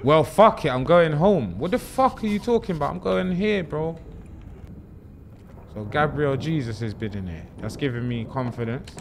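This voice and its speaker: A young man giving excitable, swearing, joking commentary while streaming a horror game. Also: fairly high pitch, moderate pace, vocal fry, a little hiss or hum. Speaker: gaming streamer. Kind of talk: horror let's-play commentary.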